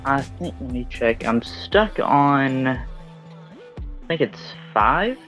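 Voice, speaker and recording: A man's voice: medium pitch, lively intonation, slow pace, fairly bright tone, soft background music. A man calling into a live stream, answering in a hesitant, unsure way. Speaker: caller. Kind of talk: casual live-stream chat. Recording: dull lo-fi call audio.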